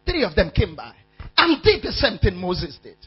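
A man preaching a sermon, calling out questions to the congregation and shouting key words. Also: high voice, huge pitch swings, normal speed, breathy edge, soft background music. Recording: dull lo-fi sound with mains hum.

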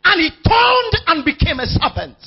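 A man preaching a sermon, calling out questions to the congregation and shouting key words. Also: very high voice, big pitch swings, normal speed, soft background music. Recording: dull lo-fi sound with mains hum.

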